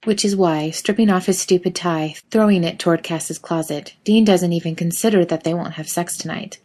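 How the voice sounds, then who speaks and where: Low-voiced woman reading fiction aloud. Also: normal speed, dark tone, slightly rough. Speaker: narrator.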